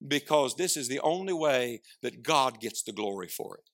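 A man preaching a sermon, swinging from loud declarations to hushed asides and prompting the congregation to answer. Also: medium pitch, lively intonation, normal speed. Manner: asks the congregation questions and prompts replies.

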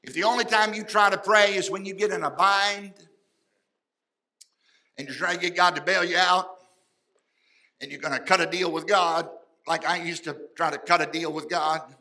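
A man preaching a sermon, folksy and fervent, swinging between loud outbursts and quiet asides. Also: sits high, fairly even intonation, moderate pace, long pauses, rough recording. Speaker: pastor.

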